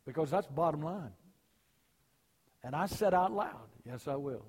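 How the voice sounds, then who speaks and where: An older man preaching a sermon, telling folksy personal stories and rising high and loud for punchlines. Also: lively intonation, unhurried, slightly rough, in a large hall.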